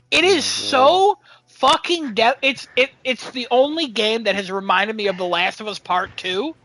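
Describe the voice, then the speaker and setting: A woman's voice: mid-range voice, normal speed, hardly any pauses, a bit bright, dry recording. A woman co-hosting a podcast, casually and animatedly retelling a story, swearing freely and acting out the voices. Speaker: podcast co-host. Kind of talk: casual chat.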